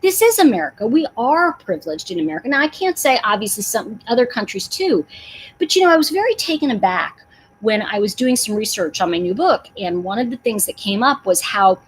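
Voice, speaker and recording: A woman's voice: a little high, sing-song, a little fast, a little hiss or hum, poor audio. A middle-aged woman hosting a casual livestream, talking emphatically and answering viewers in the chat. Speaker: livestream host.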